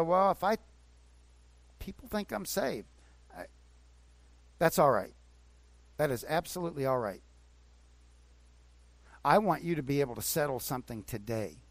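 A pastor preaching to his congregation in an earnest, conversational way, often repeating phrases to drive a point home. His voice sits a little high for a man. The sound is dry and close, with little room echo. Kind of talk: sermon. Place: church.

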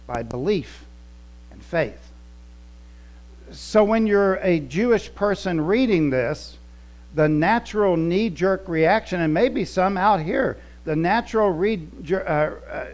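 A male pastor delivering a conversational teaching sermon, repeating words for emphasis. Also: on the high side.

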